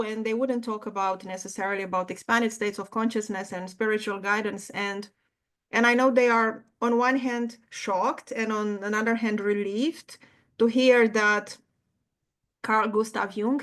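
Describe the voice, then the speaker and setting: A woman with a somewhat high voice hosts a conversation, speaking thoughtfully and stopping to hunt for words. Her sentences circle back and restart as she builds her point. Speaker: host. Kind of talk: conversational interview.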